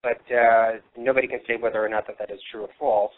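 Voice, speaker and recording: Hosting a live paranormal radio investigation, a man tells history in a rambling way packed with fillers, talking fast in a level tone. He's losing his voice, so it sounds a little worn, mid-range in pitch, and it comes through a thin, tinny, phone-like line.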